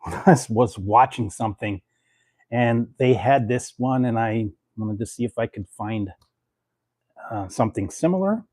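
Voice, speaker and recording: A man's voice: mid-range voice, expressive, unhurried, a little mellow, no echo, studio quality. A man chatting casually to his viewers as a food review vlogger, rambling with lots of fillers and laughing often between phrases. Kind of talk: casual chat to camera.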